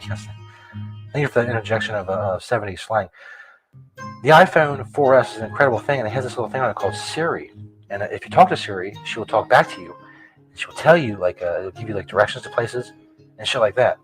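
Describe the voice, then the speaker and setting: A man playing a laid-back stoner Jesus in a comedy sketch, explaining things patiently in a rambling, deadpan way. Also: on the low side, fast talker, faint music behind, lightly acted, rough recording.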